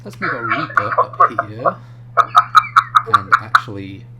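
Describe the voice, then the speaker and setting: A man streaming a strategy game, calmly thinking out loud about tactics and swearing casually. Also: on the low side, a little slow, heavy background noise. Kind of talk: gaming commentary.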